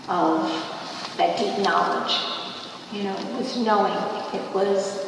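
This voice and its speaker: A woman's voice: medium pitch, level tone, unhurried, vocal fry. A woman leading a spiritual gathering, sharing memories of her teacher in a loose, conversational way full of "you know" asides. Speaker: leader of a spiritual peace meeting. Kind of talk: informal spiritual talk to a gathering. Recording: echoey hall, voice from far off, faint noise.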